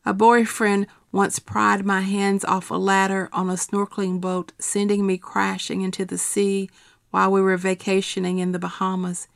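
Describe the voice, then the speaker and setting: A middle-aged woman reading her personal essay aloud in a quiet, measured, steady way. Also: medium pitch, vocal fry, dry recording, clean studio sound.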